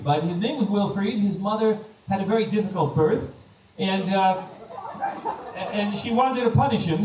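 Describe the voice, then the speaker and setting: High-voiced American man doing stand-up. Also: background noise. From United States. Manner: animated storytelling, acting out quoted voices. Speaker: stand-up comedian. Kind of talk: stand-up comedy set. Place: comedy stage before a laughing audience. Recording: roomy live stage sound, distant, faint ambience.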